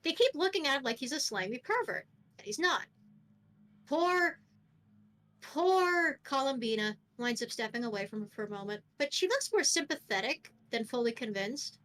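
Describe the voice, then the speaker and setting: A woman's voice: high voice, expressive, normal speed, a bit bright. A woman narrating a tabletop game as game master, in a casual, offhand way with the odd swear.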